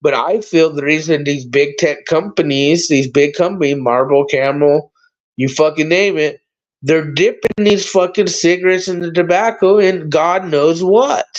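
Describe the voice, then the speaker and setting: High-voiced guy rambling and cussing on a live stream, kinda dull lo-fi sound. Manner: rambling, profane, animated. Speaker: livestream host. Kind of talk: casual livestream chat.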